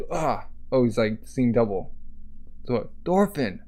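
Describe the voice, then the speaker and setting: A man's voice: medium pitch, expressive, measured pace, a little mellow. A man casually reading a manga aloud, describing panels and voicing sound effects, with frequent filler words. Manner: casual, uses "like" often, voices sound effects. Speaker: manga reader.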